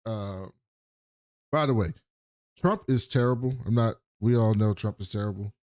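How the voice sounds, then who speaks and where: A man's voice: on the low side, normal speed, darkish tone. A man co-hosting a podcast, casually retelling TV scenes with slangy asides. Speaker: podcast co-host. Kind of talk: casual recap chat.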